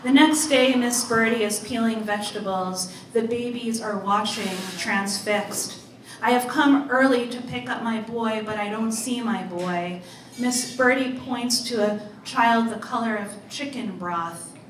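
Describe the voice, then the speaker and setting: Slow, measured woman reading aloud. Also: fairly high pitch, a little hiss or hum. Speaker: author reading her story. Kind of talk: literary reading. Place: live reading event. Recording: roomy, distant mic, faint ambience.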